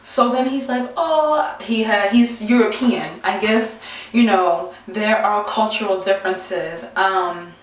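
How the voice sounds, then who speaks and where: A young woman vlogger telling a story to camera in a casual, animated, exasperated way, acting out the quotes. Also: medium pitch, measured pace. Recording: very echoey room, mic far off.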